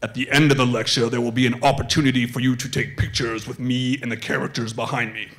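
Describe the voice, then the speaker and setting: A man voicing a costumed Darth Vader impersonator, solemn and slow as he gives a lecture. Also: medium pitch, little pitch movement, a bit bright, voice pushed down, close to an everyday voice.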